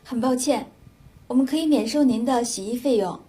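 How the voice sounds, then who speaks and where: A woman's voice: on the high side, fairly quick, dark tone, close to an everyday voice. A woman playing a polite female hotel manager in a scripted learner dialogue, courteous and apologetic.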